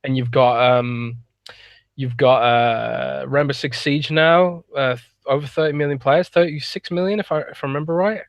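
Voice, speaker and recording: Man, podcast co-host, medium pitch, dry sound, rambling and relaxed. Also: normal speed, vocal fry, no echo. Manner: easygoing, rambling, laughs often. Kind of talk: casual gaming podcast chat.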